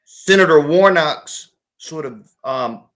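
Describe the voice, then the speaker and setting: A man's voice: fairly high pitch, lively intonation, slow pace, a bit bright. A middle-aged man from South Carolina, a former state legislator, talking politics as a guest in an interview with folksy self-corrections and restarts.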